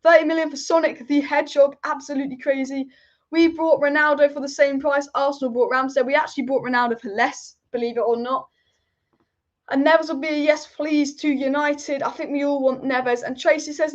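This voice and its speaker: A woman with a high voice hosts a live football stream. She rambles with strong opinions and repeats her points for emphasis, and the audio is dull and lo-fi. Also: a little fast. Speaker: football channel host. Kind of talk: live-stream football chat reading viewer comments.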